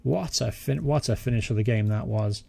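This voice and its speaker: A young man giving excitable live commentary over a football management game, cheering at goals. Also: medium pitch, normal speed, creaky. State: out of breath. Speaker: gaming channel host.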